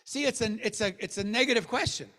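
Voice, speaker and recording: A man giving a motivational sales training talk to a room of people, joking, and swinging between low mutters and loud bursts. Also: fast. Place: meeting room with an audience. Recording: long hall reverb.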